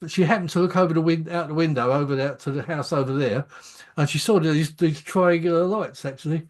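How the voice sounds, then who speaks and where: A man's voice: a little high, brisk. A man hosting a casual chat, conversational and hesitant, with many fillers. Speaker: radio host.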